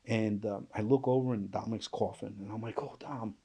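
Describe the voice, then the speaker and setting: A man giving an emotional personal account as a panel guest, halting and subdued, with restarts and trailing pauses. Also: fairly low pitch, fairly even intonation, warm tone, breathy edge. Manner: subdued, intense storytelling. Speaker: panel guest recounting survival.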